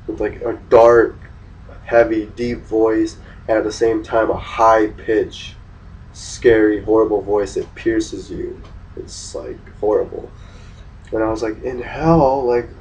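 A man's voice: fairly low pitch, mellow, slight background noise. A young man telling a personal religious experience in a rambling, hesitant way, full of fillers. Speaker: vlogger sharing a religious testimony. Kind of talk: casual spoken testimony. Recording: voice distant from the mic.

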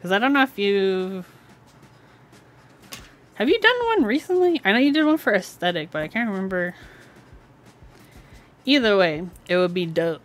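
A woman's voice: medium pitch, very animated, moderate pace, long pauses. A young woman streaming from home as she builds a keyboard, chatting casually with frequent giggles and lots of "like". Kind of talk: casual live-stream chat.

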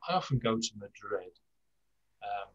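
An older man teaching a Spanish class over a video call, talking slowly with many fillers and restarts. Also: fairly low pitch, animated, a bit bright, highs cut off. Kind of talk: online language lesson.

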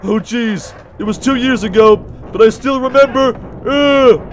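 A man giving jumpy, excitable commentary while playing a horror game, often yelling and laughing nervously. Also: very high voice, moderate pace, slight background noise. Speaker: let's play gamer.

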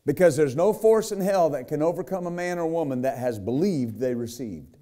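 Mellow-voiced preacher man, emphatic and lively. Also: on the high side, normal speed. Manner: retells scripture with lively acted quotes; emphatic, frequent "right?" and "amen?". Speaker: pastor. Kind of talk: sermon.

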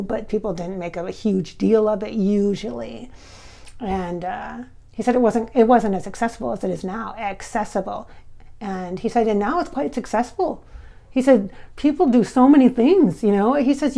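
A chatty, giggly woman with slightly blurred S sounds from clear braces, talking casually to camera from home as a medium. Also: fairly high pitch, dark tone. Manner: chatty and giggly, many fillers and restarts. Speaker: spiritual medium and channel host.

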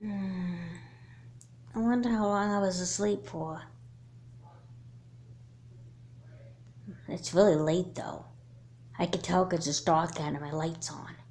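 In a home-made doll movie, a woman voices a young girl hooked on her laptop, speaking in a low-set, natural voice. When she panics, her voice jumps up high and loud. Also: fairly even intonation, a little slow. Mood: sleepy, sneaky.

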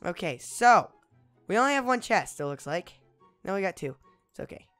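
A young man giving goofy let's play commentary, exclaiming loudly and slipping into whispered sneaky asides. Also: high voice, sing-song, moderate pace, faint music behind. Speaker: gaming video host.

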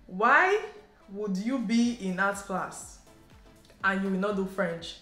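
A woman's voice: medium pitch, lively intonation, slow, fairly bright tone. A woman with a Nigerian English accent voicing her strict father, who scolds her in an insistent, incredulous tone. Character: stern Nigerian father scolding his daughter. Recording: roomy echo, faint background music.

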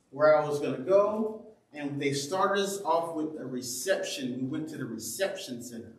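A man preaching a sermon and telling a lively personal story, often laughing and acting out what people said. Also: a little high, a little hiss or hum. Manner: animated, laughing storyteller who acts out quotes. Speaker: pastor. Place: church sanctuary. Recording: roomy echo from a distant mic.

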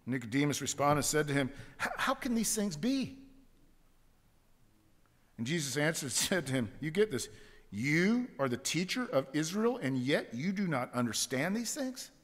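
A man's voice: on the high side, lively intonation, moderate pace, fairly bright tone. A man preaching a sermon as pastor, emphatic, repeating phrases for stress. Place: church sanctuary. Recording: long church hall reverb.

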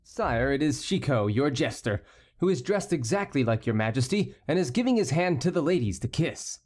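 A man's voice: mid-range voice, very animated, moderate pace, a little mellow. A man voicing an uneasy young male courtier on his wedding day, earnest and guarded.

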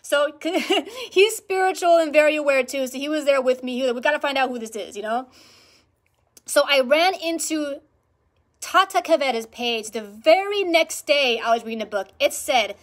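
A woman speaking to camera in a vlog, telling a personal spiritual experience in an animated, emphatic way and repeating words for emphasis. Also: sits high, normal speed. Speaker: spiritual practitioner vlogger.

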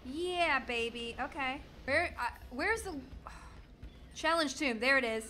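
A woman in her thirties doing jokey, excitable commentary while she plays a video game. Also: high-pitched, takes it slowly. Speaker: gaming streamer. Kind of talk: let's play commentary.

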